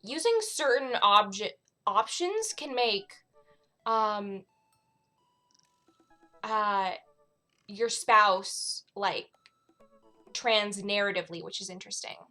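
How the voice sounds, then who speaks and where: A woman's voice: mid-range voice, animated, slow pace, long pauses, sharp tone, soft background music. A young adult woman streamer chatting casually over a game, with frequent laughs and wry asides.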